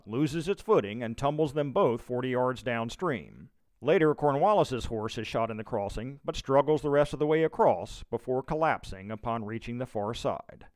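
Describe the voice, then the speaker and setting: A man narrating a scripted historical audio tour in a measured, steady reading voice. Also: medium pitch, no echo. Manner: measured, steady reading with brief quoted shouts.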